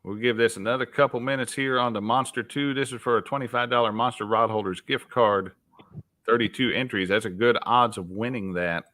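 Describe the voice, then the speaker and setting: A man's voice: medium pitch, brisk, pushed and bright, dry recording. A man with a Southern US accent chatting casually on a fishing livestream, telling rambling stories with restarts.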